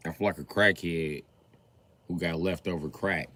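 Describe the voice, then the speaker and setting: A man hosting a livestream, riffing in an animated, profane comedic rant with sudden jumps in pitch. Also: normal speed. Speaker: livestream host.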